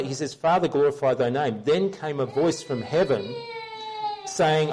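A man's voice: a little high, lively intonation, normal speed, music in the background. A man preaching a conversational Bible-teaching sermon, earnestly explaining scripture and checking in with his listeners.

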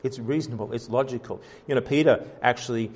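A man's voice: mid-range voice, fast, a little mellow, husky. A man preaching a sermon as pastor, in an earnest style with frequent fillers, restarts and rising emphasis.

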